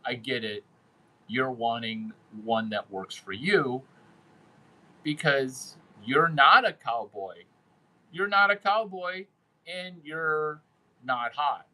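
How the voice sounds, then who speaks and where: Man, brash, crude, repetitive, unhurried pace, bright tone, casual monologue. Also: mid-range voice, animated, poor audio. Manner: brash and crude, repeating phrases for emphasis. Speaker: host giving dating and sales advice.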